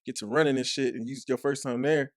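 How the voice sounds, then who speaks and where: A young man from Dallas with a Texas accent, once a football player, chats casually as a podcast guest, speaking quickly at medium pitch with fairly even intonation. His stories are loose and profane, packed with "like" and acted-out quotes, in a dry, clean studio recording.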